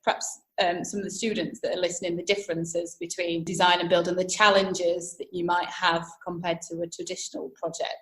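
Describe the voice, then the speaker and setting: A woman hosting an interview, asking measured, reflective questions. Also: lowish voice, level tone, fairly bright tone. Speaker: podcast host. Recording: echoey room.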